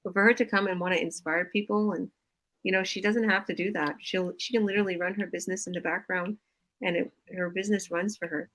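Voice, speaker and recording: A woman's voice: mid-range voice, fairly even intonation, fast, a bit bright, poor audio. A woman coach hosting a casual live stream over a video call, gushing with enthusiastic praise.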